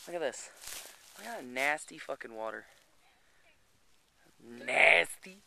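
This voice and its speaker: Holding a camera as he walks the rural hills beside a creek, a man rambles through a casual vlog, swearing freely, making chatty asides, and sounding slightly out of breath. His voice leans high and gravelly, pushed and bright, expressive yet unhurried. There's a slight background noise.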